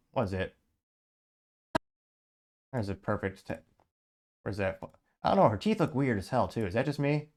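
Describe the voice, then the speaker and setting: A man's voice: mid-range voice, darkish tone. A man hosting a show in casual commentary, reading viewer comments aloud with sarcastic asides and frequent laughs. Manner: sarcastic, laughs often, restarts. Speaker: host.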